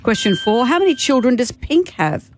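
A woman with an Australian accent hosting a radio quiz in a studio, encouraging the caller and reading the questions briskly. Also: a little high, very animated, soft background music. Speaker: radio host, quiz master.

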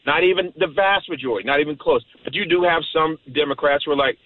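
A man calling in to a talk show, chatting about politics in a folksy, emphatic way with quick asides. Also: on the high side, no echo. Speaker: caller. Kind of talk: political call-in chat. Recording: tinny phone line.

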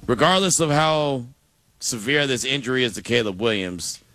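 A man's voice: medium pitch, animated, moderate pace, pushed and bright, dry recording. A man hosting a sports radio show, talking casually and thinking aloud, sometimes repeating words as he goes.

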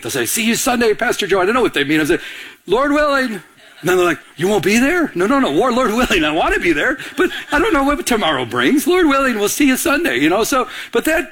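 A male pastor preaching a sermon, asking the congregation questions, leaving blanks for them to fill in, and laughing between points. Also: high-pitched. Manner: animated preaching with call-and-response questions.

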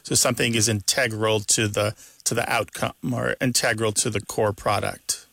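A man co-hosting a call-in language radio show, explaining word stress to a caller in a lively lecturing way. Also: on the low side, moderate pace, creaky, dry recording.

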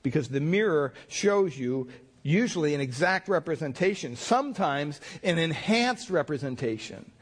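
A man's voice: on the high side, lively intonation, moderate pace, slightly rough. A male pastor giving a conversational sermon, telling folksy stories with lots of fillers and restarts.

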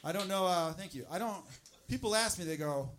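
Guy doing stand-up, highish voice, rambly self-deprecating, live album recording w crowd noise. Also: expressive, a little fast, fairly bright tone. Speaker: stand-up comedian. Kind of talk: stand-up set. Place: comedy club stage. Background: audience laughter.

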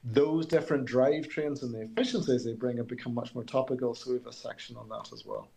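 A man's voice: mid-range voice, fairly even intonation, fast talker, creaky, dark tone. A man, a company executive, answering radio interview questions earnestly with frequent restarts. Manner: hesitant restarts, earnest explaining.

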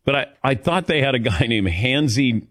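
A middle-aged man from the Midwest hosts sports talk radio with an animated, swinging delivery. He tells stories and banters with his co-hosts, laughing easily. The sound is dry and close. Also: mid-range voice, normal speed, no echo. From American Midwest. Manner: chatty storyteller, laughs easily, calls on co-hosts by name. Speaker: radio show host.

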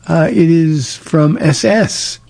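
A gravelly man with a somewhat higher voice, a pastor from Southern California answering listener questions. He talks plainly and directly and draws on stories from his life. The tone is dark and husky. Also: takes it slowly. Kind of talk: casual call-in advice talk.

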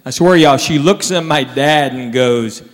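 A man doing a stand-up set, telling stories with animated impressions. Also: medium pitch, measured pace, long reverb tail. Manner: Southern storytelling, animated impressions. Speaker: stand-up comedian.

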